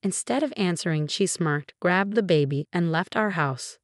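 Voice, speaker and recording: Woman, story narrator, matter-of-fact, somewhat low voice, dry close sound. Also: moderate pace, dry recording. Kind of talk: scripted first-person story narration.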